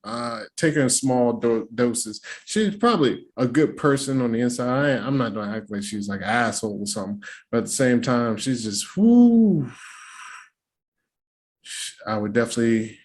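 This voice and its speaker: A man at a mid-range pitch gives a casual reaction-video recap. His delivery is loose and slangy, peppered with swearing and easy laughter. He drops into quick mocking impressions of the people he talks about. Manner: slangy and animated, with frequent laughs and playful quoted impressions. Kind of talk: casual profane recap commentary.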